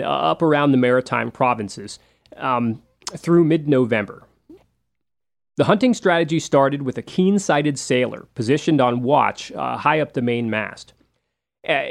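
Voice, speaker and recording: A man hosting a history show, telling the story in a relaxed, conversational way with frequent fillers and asides. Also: medium pitch, vocal fry.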